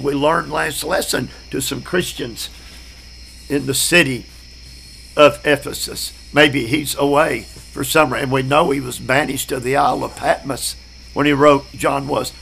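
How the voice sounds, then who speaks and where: A man, preaching a Bible study class in a slow, emphatic way, repeating key words. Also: medium pitch, vocal fry, fairly bright tone, a little hiss or hum, low-quality recording. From Southern United States.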